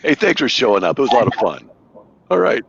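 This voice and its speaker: A man's voice: medium pitch, very animated, fast, vocal fry, breathy edge, muffled recording. A man hosting a casual livestream, telling playful stories and laughing often. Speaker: ministry host. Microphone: webcam.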